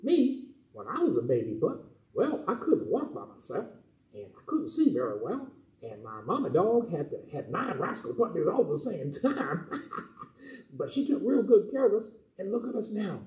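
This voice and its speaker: Bright, bouncy rascal dog voiced by a man, high and sing-song, for a kids' puppet bit, echoey room. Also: moderate pace. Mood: cheeky. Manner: howling, giggly, animated. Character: playful rascal male dog, excitable.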